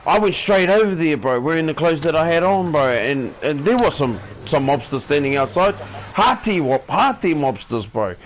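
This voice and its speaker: Casual New Zealand man, slightly higher voice. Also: normal speed, few pauses, slight background noise, poor audio. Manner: relaxed, says "bro" constantly, acts out quoted voices. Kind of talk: casual storytelling chat.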